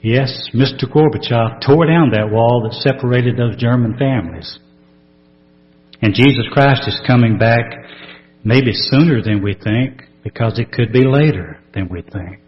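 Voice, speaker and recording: A man preaching a sermon, reading scripture aloud with earnest, emphatic rises. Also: medium pitch. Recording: dull lo-fi sermon recording.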